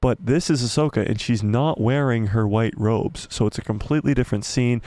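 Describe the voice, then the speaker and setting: A man hosting a live stream, excitedly breaking down a trailer, talking quickly and repeating phrases. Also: medium pitch, no room sound.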